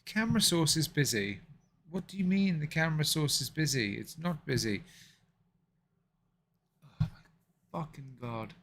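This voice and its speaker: A man's voice: a little high, expressive, normal speed, pauses often, fairly bright tone. Guy live streaming, mumbles and swears under his breath, then chats and says sorry to viewers. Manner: frustrated, swearing, muttering to himself; apologetic, chatty with viewers. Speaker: livestream host. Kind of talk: casual live stream chat.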